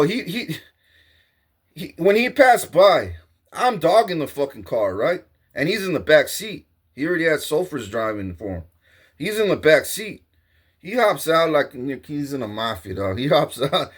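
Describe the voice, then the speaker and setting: A man's voice: on the high side, fairly bright tone. A man telling a heated, profane story in a casual monologue. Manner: profane, streetwise, heated storytelling with acted quotes. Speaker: storyteller recounting a confrontation.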